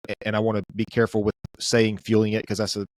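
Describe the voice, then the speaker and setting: A man hosting a podcast, chatting casually and thinking out loud, with frequent restarts. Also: on the low side, monotone, fast. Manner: rambling, restarts often, thinks aloud. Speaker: podcast host. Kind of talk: casual interview chat.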